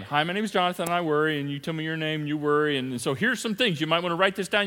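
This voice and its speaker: A man preaching a sermon as pastor, swinging between loud emphatic repetition and hushed asides. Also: high-pitched. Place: large church hall. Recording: long reverb of a big hall.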